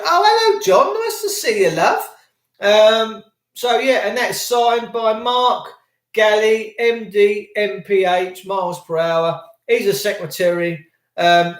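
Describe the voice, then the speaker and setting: A man's voice: high-pitched, reverberant. A man hosting a livestream, ranting sarcastically and mockingly as he reads out viewer comments. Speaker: livestream host.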